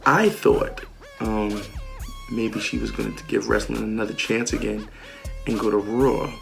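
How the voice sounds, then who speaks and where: A man hosts a podcast and chats his way through a wrestling recap, with plenty of ums and acted-out quotes. His voice sits on the low side with a gravelly fry. Faint music plays behind him. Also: steady tone, measured pace, a bit bright. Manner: chatty, many ums, retells lines in quoted voices. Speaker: podcast host. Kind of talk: casual wrestling show recap.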